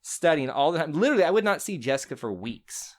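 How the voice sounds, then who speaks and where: A man's voice: on the high side, sing-song, fast. A man hosting a casual interview, easygoing and teasing. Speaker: podcast host.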